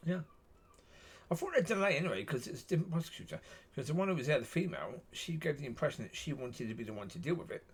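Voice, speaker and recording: Rambling loosely to camera, a man keeps returning to the same points, his husky voice swinging broadly in pitch. He's expressive and talks fast.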